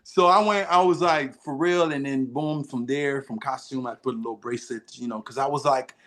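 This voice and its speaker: Male actor guest, animated storyteller, mid-pitch, voices the people in his stories. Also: a little fast. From Haitian-American. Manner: lively, acts out quoted dialogue, laughs often. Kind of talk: animated storytelling in a podcast interview.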